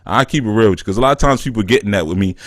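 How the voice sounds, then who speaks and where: A New York man who is a spiritual counselor and show host teases and jokes in easy slang with a caller on his call-in show. His voice is on the low side and very fast, captured with studio quality and no room sound.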